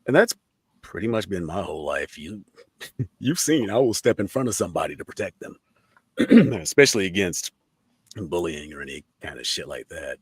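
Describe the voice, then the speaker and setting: Animated, profane man hosting a chat. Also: low voice, moderate pace, husky, no echo. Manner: animated, swears freely, laughs often. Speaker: podcast host. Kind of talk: casual profane commentary.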